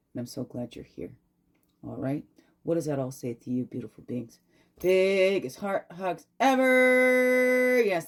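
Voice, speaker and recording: Woman host, low voice, gushing and encouraging spiritual talk, keeps asking "right?". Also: mellow. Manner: affirming, tags phrases with "right?"; gushing, affectionate to viewers. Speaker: spiritual card reader and host. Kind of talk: casual inspirational talk.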